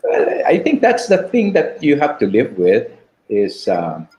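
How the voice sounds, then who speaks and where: A man in his fifties with a Filipino English accent, sharing a personal testimony in an interview, reflective and halting. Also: fairly high pitch, wildly swooping pitch, dark tone, lo-fi sound. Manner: slow and reflective, halting restarts, "diba" tags. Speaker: guest.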